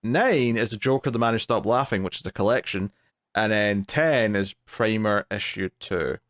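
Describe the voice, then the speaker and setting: A man's voice: fairly low pitch, moderate pace, a bit bright. A man co-hosting a comics podcast in casual chat, dry and blunt with mock outrage. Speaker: podcast co-host.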